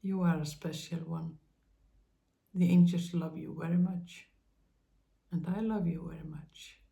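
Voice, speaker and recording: Slow, gravelly-voiced gentle woman. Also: low voice, fairly even intonation. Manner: slow, halting, with many pauses and fillers; speaks to listeners with tender reassurance. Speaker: spiritual channel host. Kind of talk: gentle spiritual monologue.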